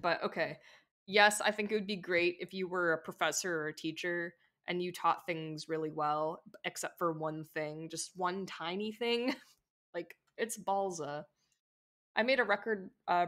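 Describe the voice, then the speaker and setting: A young woman streamer chatting casually with viewers while playing, rambling with lots of "like" and quick laughs. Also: lowish voice, steady tone, a bit bright. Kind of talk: casual gameplay chat with viewers.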